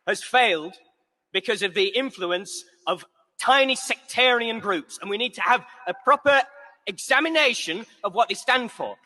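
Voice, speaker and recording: A man's voice: high voice, pushed and bright. A man from Croydon giving an impassioned, angry political conference speech. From Croydon, England. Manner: impassioned, angry, repeats lines. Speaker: conference delegate. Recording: reverberant conference hall.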